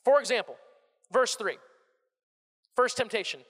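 A man in his thirties or forties preaching a conversational sermon, animated and repeating words as he starts his phrases. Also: extremely high pitch, unhurried, breathy edge, in a large hall. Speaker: pastor.

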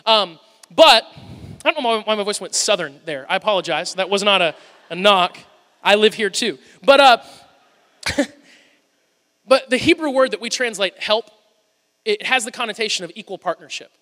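A male pastor delivers a sermon in a church sanctuary, telling stories in a conversational, humorous way. His voice sits high and sounds sharp, moving at a moderate pace with long pauses. The large church hall adds a long reverb to the recording.

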